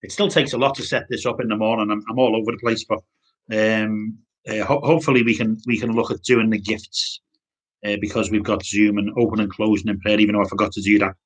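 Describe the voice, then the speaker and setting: A man's voice: lowish voice, flat delivery, a bit bright. Guy preaching casually, keeps restarting and stumbling over words. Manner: halting, many restarts and stammered repeats. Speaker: pastor. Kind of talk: informal sermon.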